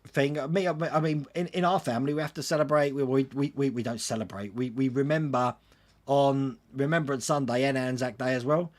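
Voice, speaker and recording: A man's voice: medium pitch, steady tone, a little fast. A man hosting a casual livestream, reading out viewer comments and answering them in a chatty way. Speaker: livestream host answering chat.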